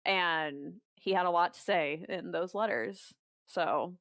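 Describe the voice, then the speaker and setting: Young woman guest, brisk storyteller, close dry mic. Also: fairly low pitch, fairly bright tone, no echo. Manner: fast storytelling, quoting others in dialogue. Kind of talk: podcast conversation.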